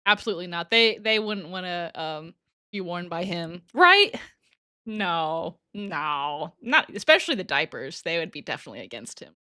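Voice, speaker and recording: A woman's voice: fairly low pitch, animated, brisk, bright, forceful tone, no room sound, clean studio sound. A woman hosting a casual livestream, reading super chats aloud in a giggly, chatty way that often trails off and restarts. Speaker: livestream host.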